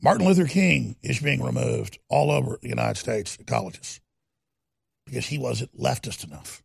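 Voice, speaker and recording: A man hosting a talk radio show, delivering a heated, ranting monologue that swings between loud and quiet. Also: mid-range voice, expressive, moderate pace, gravelly, husky, no echo, studio quality.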